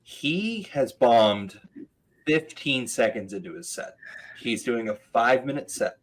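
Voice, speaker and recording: A man comedian chatting casually on a podcast, telling a story with quick asides and laughs. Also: mid-range voice, animated, poor audio.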